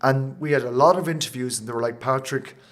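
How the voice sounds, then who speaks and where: An Irish man with a medium-pitched voice, a company founder, answers interview questions. He speaks passionately and emotionally, in quick bursts with many restarts.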